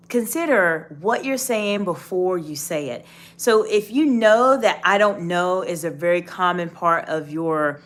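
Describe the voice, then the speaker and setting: A woman giving a live leadership-coaching talk, emphatic and animated, often acting out example phrasings. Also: medium pitch.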